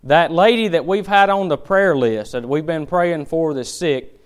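A man's voice: on the high side, moderate pace, lightly acted. A man voicing an overly pious churchgoing woman who talks in sugary, effusive, falsely holy phrases. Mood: sly.

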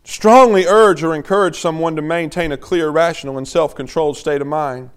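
A man preaching a sermon, moving from quiet teaching to loud, urgent exhortation. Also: on the high side, a little fast, smooth.

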